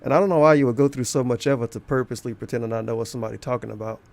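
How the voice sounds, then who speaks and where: A man's voice: mid-range voice, fairly even intonation, racing, creaky, darkish tone. A man giving sarcastic, blunt reaction commentary over a stream clip, mocking the streamer.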